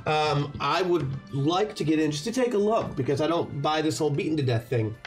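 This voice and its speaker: Man, somewhat high voice, tabletop player, earnest, faint music. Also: animated, brisk. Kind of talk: playing a tabletop game in character.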